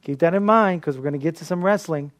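A man preaching a sermon as a pastor, telling stories in an animated way and laughing often. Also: on the high side, quick pace. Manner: animated storytelling with frequent laughter.

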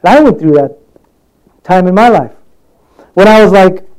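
Mellow-voiced man preaching conversationally. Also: high-pitched, animated, normal speed, pauses often, rough recording. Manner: conversational, acts out quoted voices, laughs at own stories. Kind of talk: sermon.

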